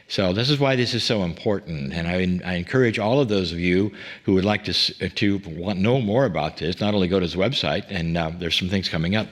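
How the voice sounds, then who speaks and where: A man's voice: low-pitched, fairly bright tone. A male host of a livestream, speaking earnestly with some hesitant restarts. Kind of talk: livestream talk.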